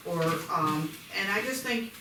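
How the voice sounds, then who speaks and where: A man's voice: high voice, animated, unhurried. Man board member arguing his point earnestly, from far off in an echoey room with audible noise. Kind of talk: meeting discussion.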